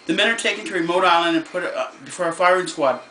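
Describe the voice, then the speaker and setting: A man telling jokes in a casual vlog, halting and restarting often as he goes. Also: high voice, bright, forceful tone. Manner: hesitant, halting delivery with many restarts. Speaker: vlogger. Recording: echoey room with faint background noise.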